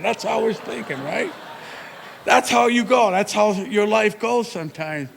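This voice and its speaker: A man in his sixties giving a motivational talk at a university, telling stories in a lively way with big rises and drops in his voice. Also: a little slow, vocal fry. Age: 60s. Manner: animated storytelling with big swings in pitch and loudness. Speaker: motivational speaker. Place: university lecture hall. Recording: long hall reverb.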